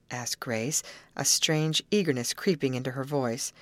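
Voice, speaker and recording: A woman narrating a children's novel in an even, measured storytelling voice. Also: extremely low pitch, no echo. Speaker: audiobook narrator. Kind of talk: scripted narration.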